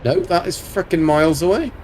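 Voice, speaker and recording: A man with a fairly high, darkish voice and lively intonation talks a little fast over slight noise and faint background music. During his casual live-stream game commentary, he swears freely and greets his viewers by name as he chats.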